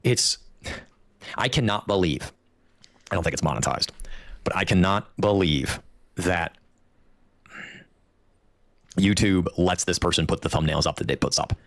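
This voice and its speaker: A man's voice: low voice, unhurried, pauses often, a bit bright, no echo. A man speaking in a clip, complaining casually in a rambling way with many restarts.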